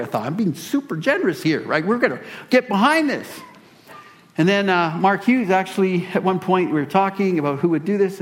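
A male pastor telling a personal story in a sermon, animated and self-deprecating. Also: a little high.

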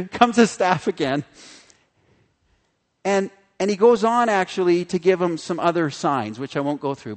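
A man preaching a sermon in a slightly high voice, animated and playful as he acts out the people in his story. His voice rings with the long reverb of a large hall. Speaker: pastor.

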